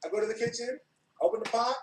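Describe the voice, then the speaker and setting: Man, from New York, lively storyteller, laughs a lot, distant mic, roomy room. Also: very high-pitched, quick pace. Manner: animated, acts out quotes, laughs often. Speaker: podcast guest, former wrestler. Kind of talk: casual storytelling chat.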